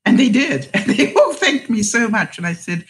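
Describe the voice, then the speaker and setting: A woman's voice: fairly high pitch, big pitch swings, moderate pace, poor audio. A woman hosting a casual livestream, chatting in a rambling way, laughing often and reading out viewer comments.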